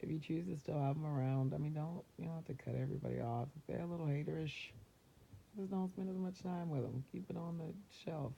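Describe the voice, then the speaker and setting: Gravelly, dark-toned woman giving a pep talk. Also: low voice, a little hiss or hum. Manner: chatty and upbeat, laughs often, acts out quick voices. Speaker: self-help vlogger. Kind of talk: casual motivational talk. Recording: dull lo-fi recording.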